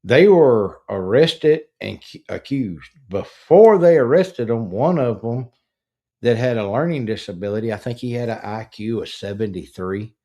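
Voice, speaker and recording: A middle-aged man, hosting a casual true-crime talk show, who tells the story slowly and with emphasis, restarting sentences and growing indignant. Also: lowish voice, warm tone. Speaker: podcast host.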